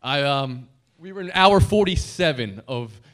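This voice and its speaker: A man's voice: mid-range voice, expressive, unhurried, a bit bright. Man in his thirties, dinner speech, self-deprecating jokes, heartfelt gratitude, podium mic. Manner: joking, self-deprecating storyteller; heartfelt, grateful tribute. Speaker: broadcaster giving a dinner speech. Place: banquet hall dinner.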